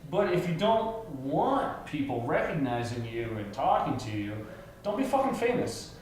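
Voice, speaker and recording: A man co-hosting a casual talk show in a pub, swearing often as he tells animated stories. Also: a little high, unhurried, slight background noise. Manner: profane, animated storyteller. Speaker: co-host. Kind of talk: casual bar chat. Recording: roomy pub recording, faint ambience.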